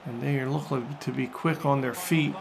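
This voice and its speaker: A man commentating on his own football video game like a jokey sportscaster, getting loud and excited during attacks and saves. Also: medium pitch, normal speed, vocal fry, slight background noise. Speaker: gaming YouTuber. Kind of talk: let's-play commentary.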